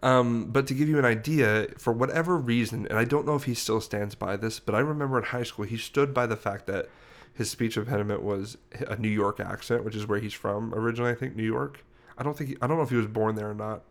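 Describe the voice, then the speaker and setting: A man's voice: medium pitch, fast. A young man co-hosting a podcast, telling a story in a rambling, self-correcting way. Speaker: podcast host. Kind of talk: casual podcast chat.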